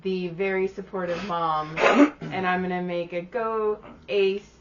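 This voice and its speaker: A woman's voice: on the low side, fairly even intonation, measured pace, muffled recording, very noisy. A woman co-hosting a podcast in casual chat, playful and teasing. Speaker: podcast co-host.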